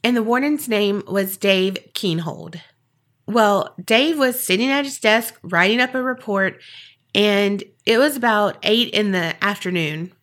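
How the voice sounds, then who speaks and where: Slow-talking, bright-voiced woman storyteller. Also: mid-range voice. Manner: chatty, many fillers, wry asides. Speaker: podcast host. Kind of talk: casual storytelling.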